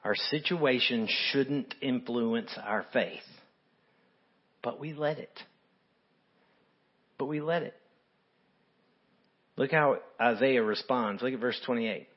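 A man preaching a sermon, emphatic, his voice climbing high and loud as he quotes scripture. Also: animated, moderate pace, slightly rough, lo-fi sound. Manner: emphatic, rises sharply when quoting scripture. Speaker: pastor.

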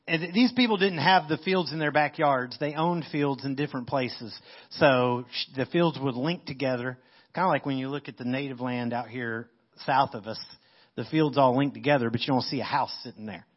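A man's voice: medium pitch, a little fast, breathy edge, lo-fi sound. A male pastor preaching a sermon, reading scripture and explaining it in casual, conversational terms. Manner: conversational, paraphrases verses in casual modern speech.

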